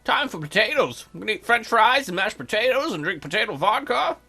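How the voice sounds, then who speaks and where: A man's voice: high voice, very animated, a little fast, creaky, bright, forceful tone, slightly rough, pitched above the performer's own voice, exaggerated voice. A man doing a brash crude chieftain dad. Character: boastful crude medieval chieftain father, male adult.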